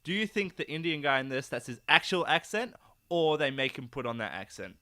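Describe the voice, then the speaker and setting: A young man co-hosting a comedy podcast, talking in an animated, sarcastic, rambling way. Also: fairly high pitch, a little fast, no room sound. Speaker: podcast co-host. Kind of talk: casual comedic chat.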